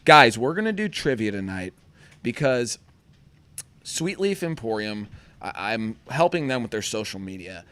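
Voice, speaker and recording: A man co-hosting a casual livestream, excitable and laughing, jumping between loud outbursts and mumbled asides. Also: mid-range voice, unhurried, clear, resonant tone. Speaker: livestream co-host. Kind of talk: rowdy casual livestream chat.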